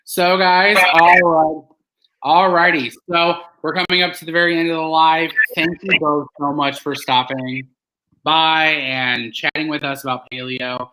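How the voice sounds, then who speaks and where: Male livestream host, encouraging, bright forceful tone. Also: on the high side, fairly even intonation, a little slow, poor audio. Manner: upbeat, encouraging. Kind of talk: live stream interview.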